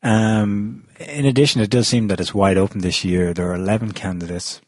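A man's voice: lowish voice, steady tone, brisk, a little mellow, no echo. A man hosting a casual panel discussion, chatty with frequent ums and restarts. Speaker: podcast host.

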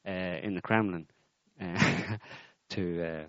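A man with a lowish voice talks in a sardonic, rambling way, often restarting his sentences. The sound is dull and dry, like a lo-fi recording with no room echo. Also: fairly even intonation, slow, fairly bright tone. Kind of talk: casual political chat.

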